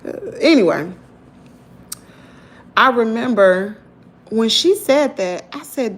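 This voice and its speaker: A middle-aged woman with a Southern US accent, telling a story to her viewers in an animated, chatty way. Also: fairly high pitch, takes it slowly, long pauses. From Mississippi, US. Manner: animated, talks to viewers as "y'all". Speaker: vlogger. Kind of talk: casual storytelling.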